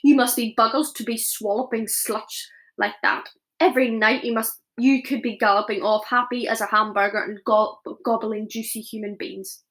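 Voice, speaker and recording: A woman voicing a huge, greedy, menacing male giant who booms his threats in mangled words. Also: steady tone, moderate pace, lightly acted. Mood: gruff. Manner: loud booming threats in giant's mangled talk.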